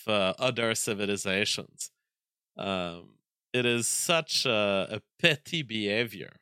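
A man with a French accent hosting a live stream, reading viewer messages and thinking aloud in a halting, stop-start way. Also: medium pitch, bright, forceful tone, smooth, no room sound, clean studio sound. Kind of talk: casual live-stream chat.

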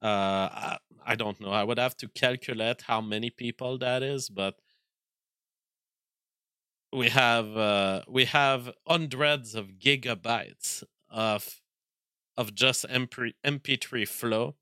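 A man's voice: mid-range voice, bright, forceful tone, clean tone, no room sound, studio quality. French-accented man hosting a live stream. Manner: halting, thinks aloud with frequent restarts. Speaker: livestream host reading viewer messages. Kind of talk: casual live-stream chat.

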